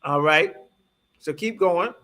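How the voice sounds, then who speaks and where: A man's voice: a little high, slow, sharp tone. A man teaching a scripture class in an emphatic preaching manner, often checking in with his listeners. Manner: emphatic, keeps asking "you understand?".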